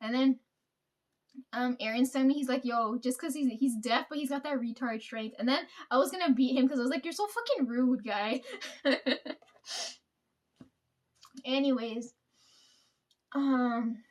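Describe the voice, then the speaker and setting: Young woman, high voice; loose, profane storyteller who laughs often. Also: fairly even intonation, a little slow, long pauses, darkish tone. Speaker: vlogger. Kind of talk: casual storytelling.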